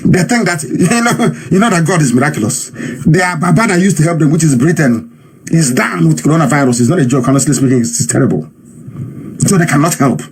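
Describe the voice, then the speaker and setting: High-pitched husky Nigerian man broadcasting. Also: big pitch swings, fast talker. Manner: mocking, repetitive, emphatic. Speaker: radio broadcaster. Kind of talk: impassioned live radio broadcast.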